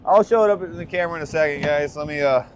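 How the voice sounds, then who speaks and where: A man commercial fishing on a boat, live-streaming to his chat and swinging from hyped shouts to low muttering. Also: fairly even intonation, very fast, slight background noise.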